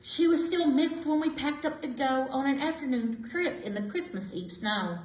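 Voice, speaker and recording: High-voiced woman reading a picture book. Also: normal speed. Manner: lively, expressive storytelling with asides to listeners. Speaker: librarian reading aloud. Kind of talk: picture-book read-aloud. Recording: echoey room.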